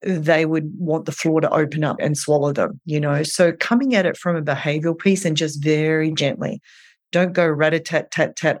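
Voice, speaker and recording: Guest clinician, earnest and gentle, explains step by step, mid-pitched voice. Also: fairly even intonation, moderate pace. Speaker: eating disorder clinician guest. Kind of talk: advice in an interview.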